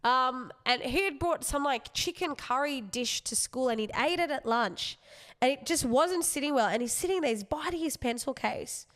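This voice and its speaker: A young woman, a comedian hosting her podcast, telling a story in a rambling, animated way with self-aware asides. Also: high voice, normal speed. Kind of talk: casual comic storytelling.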